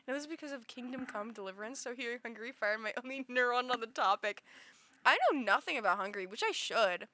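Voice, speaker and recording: Woman streamer, bright voice, loose rambling chatter with giggles. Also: fairly high pitch, fast, a little hiss or hum. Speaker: livestreamer. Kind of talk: casual chat with stream viewers.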